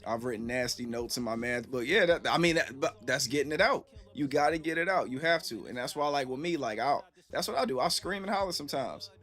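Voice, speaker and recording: A man's voice: mid-range voice, expressive, a little fast, hardly any pauses, a bit bright, faint music behind. A man streaming from home in a casual, reflective chat, often saying "you know what I'm saying" and answering his chat.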